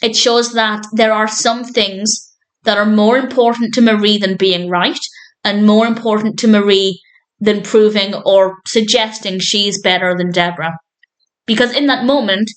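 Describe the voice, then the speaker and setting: A woman's voice: medium pitch, fairly bright tone, poor audio. Chatty woman reviewing a TV episode. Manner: earnest, chatty, laughs often, repeats words. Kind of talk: casual spoken review.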